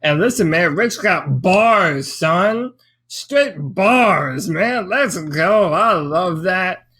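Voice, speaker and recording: A man co-hosts a sports podcast with slangy, emphatic banter. He drawls slowly in a fairly high voice and leans hard on his words. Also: animated, sharp tone. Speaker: podcast co-host.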